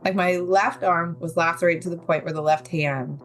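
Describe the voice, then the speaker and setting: A woman's voice: on the low side, steady tone, moderate pace, faint music behind. A young adult woman, a podcast guest, telling her survival story in vivid, candid detail with occasional nervous laughs. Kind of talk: personal story in an interview.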